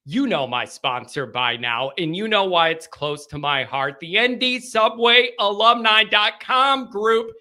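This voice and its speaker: A man's voice: high-pitched, lively intonation, measured pace, hardly any pauses, sharp tone. A man hosting a live sports call-in show, chatting casually with rambling asides, laughter and self-interruptions.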